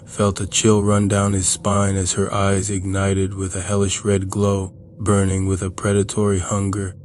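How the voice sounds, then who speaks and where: Deep monotone man narrating horror. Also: a little hiss or hum. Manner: slow, even, measured reading.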